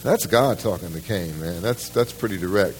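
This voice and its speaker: A man's voice: low voice, moderate pace, a little hiss or hum. A man preaching a sermon to a church congregation, emphatic, often restarting his words and putting questions straight to his listeners. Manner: addresses the congregation directly with questions. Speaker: pastor. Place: church service.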